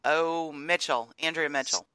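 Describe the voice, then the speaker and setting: A man's voice: fairly high pitch, a little slow, bright, forceful tone, clear, resonant tone, no echo, rough recording. A man co-hosting a podcast, giving emphatic, opinionated political commentary. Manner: opinionated, emphatic, builds arguments. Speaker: podcast co-host.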